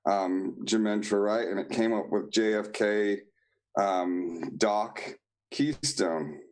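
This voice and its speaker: A man, a guest on a live online show, talking in a halting way with many fillers and restarts. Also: lowish voice, a little mellow, poor audio. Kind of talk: casual live-stream chat.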